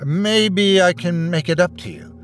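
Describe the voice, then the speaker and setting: A man's voice: high voice, a little slow, faint music behind, voice pushed up. A man voicing a nervous, pushy salesman who stammers and tries to placate an angry customer, in a spoken horror story. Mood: placating.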